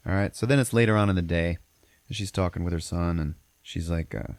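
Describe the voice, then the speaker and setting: A man with a very deep, low voice recaps a film plot for his podcast, rambling and cursing freely as he goes. The sound is dry and close, with no room around it. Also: brisk, no echo. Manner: profane, rambling storyteller. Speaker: podcast host. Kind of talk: casual movie recap.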